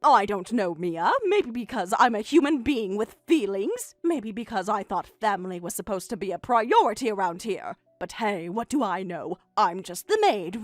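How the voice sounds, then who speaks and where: A woman's voice: medium pitch, no room sound, natural voice. A woman playing a bitterly sarcastic mother. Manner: biting sarcasm. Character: middle-aged mother, hurt and bitterly sarcastic. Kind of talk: text-message story voice acting.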